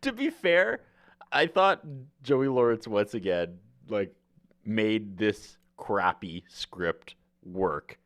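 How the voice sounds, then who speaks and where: A man's voice: fairly low pitch, slow pace, a bit bright. A man co-hosting a podcast in casual chat, rambling with many filler words. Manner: rambling, full of filler likes. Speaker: podcast co-host.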